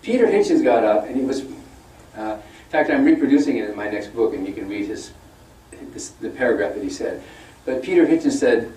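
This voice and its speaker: A man's voice: medium pitch, expressive, fairly quick, mellow. An older man giving a conversational public lecture, telling stories with lots of fillers and mimicking opponents in a mocking voice. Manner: conversational storytelling, with many fillers. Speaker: guest speaker. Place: lecture room at a university event. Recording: roomy hall, mic at a distance.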